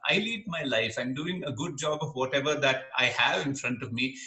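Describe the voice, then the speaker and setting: A middle-aged man from Kerala, speaking as an interview guest in an earnest, animated way and laughing easily. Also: on the high side. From Kerala, India. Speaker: interview guest, dermatologist and comedian. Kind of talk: reflective interview talk. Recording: echoey room.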